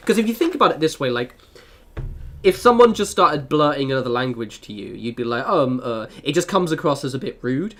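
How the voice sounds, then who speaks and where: A man's voice: on the high side, fairly bright tone. A man streaming a game, chatting in a rambling, casual way with many fillers. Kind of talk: casual chat while gaming.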